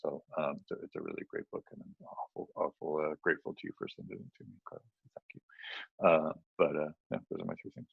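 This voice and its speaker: A man's voice: very deep voice, very animated, fast talker, creaky, breathy edge, no echo, narrow, tinny audio. A man co-hosting a podcast, chatting casually and rambling with many fillers and restarts. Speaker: podcast co-host. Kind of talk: casual chat.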